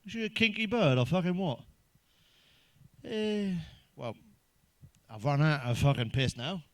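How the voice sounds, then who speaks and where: A man's voice: on the high side, lively intonation, measured pace, no room sound. A man telling crude stand-up jokes, swearing constantly and laughing at his own punchlines. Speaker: stand-up comedian.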